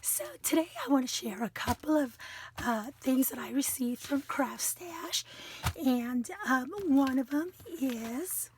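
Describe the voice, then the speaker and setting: A woman chatting casually in a craft haul video. She has a hoarse, strained voice that keeps dropping into a whisper, and she rambles with enthusiasm. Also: high voice, a little slow, darkish tone, a little hiss or hum. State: hoarse, losing her voice. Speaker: craft vlogger.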